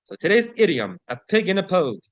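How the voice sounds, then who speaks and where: A man's voice: sits high, big pitch swings, no echo. Man teaching English vocabulary, dry sound. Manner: explains and checks in with frequent "right?"; slows to read example sentences and passages aloud. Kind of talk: online English vocabulary lesson.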